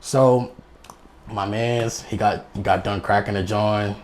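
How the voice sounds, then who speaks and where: Speaking slowly in a voice on the low side, a young guest storyteller shares a funny personal anecdote, rambling in slangy casual talk. Animated, he keeps laughing as he tells it.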